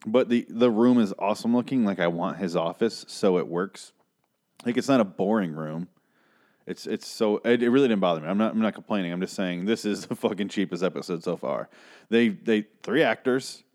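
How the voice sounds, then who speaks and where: A man's voice: on the low side, fairly quick, darkish tone. A man casually recapping a TV episode, rambling, joking and swearing as he goes. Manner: rambling, profane, restarts a lot, jokey.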